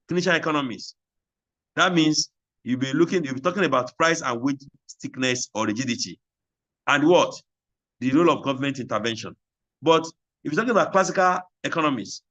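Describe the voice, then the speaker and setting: Male lecturer, classroom lecture, slow repeated phrases for dictation, asks and answers his own questions, mid-pitched voice. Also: a bit bright.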